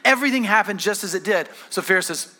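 A man preaching a sermon, telling the story in an animated way and acting out the characters' lines. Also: sits high, quick pace. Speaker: pastor.

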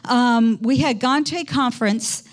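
A middle-aged woman pastor with a high voice gives a conversational sermon in a church. She tells stories in a chatty way and keeps asking her congregation questions. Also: moderate pace. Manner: conversational preaching, quizzing the congregation.

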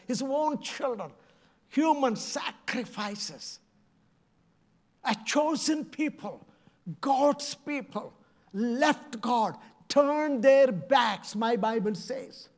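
A middle-aged man from India, preaching a passionate, pleading sermon full of repeated phrases. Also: very high-pitched. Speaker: evangelist preacher.

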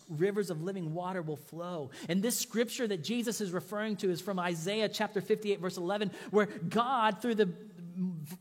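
High-voiced man preaching in an echoey hall. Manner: animated preaching, voice rising for emphasis and dropping low at line ends. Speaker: pastor. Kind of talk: sermon.

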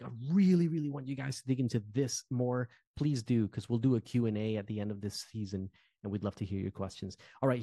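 A man from New Jersey in his thirties, a former pastor co-hosting a podcast in animated casual talk. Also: medium pitch, no echo. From Newark, New Jersey. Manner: animated, conversational, fillers like "you know".

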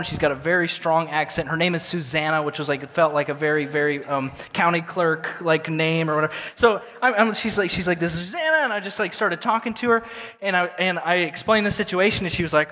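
A male pastor with a high, bright voice tells a story from the pulpit in an animated, self-mocking way, tripping over his own words. The long reverb of a large church hall trails behind each phrase. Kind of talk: storytelling sermon.

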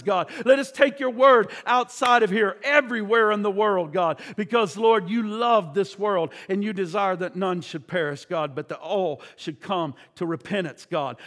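A man's voice: high voice, fairly bright tone, long reverb tail. A man leading a fervent spoken prayer in a sermon, repeating "God" between phrases, recorded in a church. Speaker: pastor. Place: church sanctuary.

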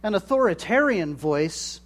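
A man preaching a sermon in a measured way, acting out the voices he quotes. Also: high voice, expressive. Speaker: pastor.

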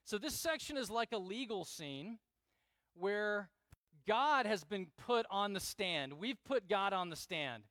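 This earnest sermon comes from a middle-aged man serving as pastor, who hammers home key phrases by repeating them and voices prayers as dramatic quotations. He speaks in a high-pitched, expressive, sharp-toned voice at an unhurried pace, with no room sound.

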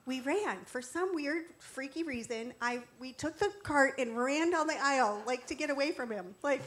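A middle-aged woman telling a faith testimony in an animated way, acting out the quotes and laughing often. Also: high voice, moderate pace. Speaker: guest sharing testimony. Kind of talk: storytelling testimony.

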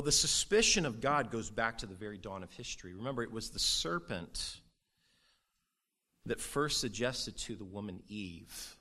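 A man's voice: fairly low pitch, pushed and bright. A man preaching a sermon in an earnest, conversational way, with sudden rises for emphasis. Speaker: pastor.

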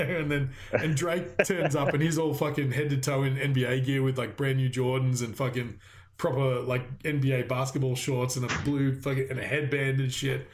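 Profane man telling a story casually. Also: mid-range voice. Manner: swears a lot, animated storytelling with quoted voices. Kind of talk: casual chat.

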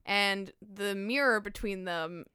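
Swearing, excitable young woman podcaster. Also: mid-range voice, slow, smooth, no echo, clean studio sound. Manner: excited, swears a lot, laughs often. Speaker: podcast co-host. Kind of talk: casual chat.

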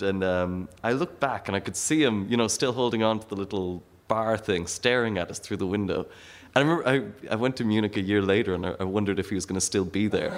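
A man's voice: fairly low pitch, a little hiss or hum. A man telling a comic story on stage, laughing often and acting out the people in it. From Ireland. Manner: animated, laughing often, acting out quoted voices. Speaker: stand-up comedian.

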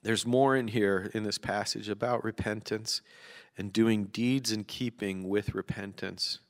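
A man's voice: on the low side, steady tone, unhurried. A man preaching a sermon, chatty and joking at times, then reading poetry with emphasis. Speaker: pastor. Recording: long hall reverb.

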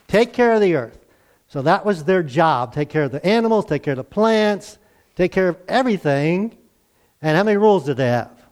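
Middle-aged man, pastor, slightly higher voice, easygoing sermon delivery with questions to the room. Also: darkish tone. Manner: conversational, with fillers and questions to the congregation.

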